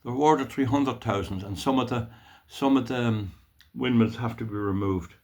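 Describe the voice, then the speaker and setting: Irish guy from the west ranting on his channel, blunt and jeering, mid pitch. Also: moderate pace, a little mellow. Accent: Irish, west of Ireland. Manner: blunt, scornful rant, mock-emotional jeering. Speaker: YouTube commentator. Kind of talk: solo commentary reading news articles.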